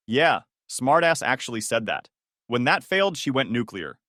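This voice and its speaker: A man's voice: medium pitch, big pitch swings, moderate pace, pushed and bright, no echo. Sardonic young man narrating a story. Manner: dry, sardonic. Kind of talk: scripted first-person story narration.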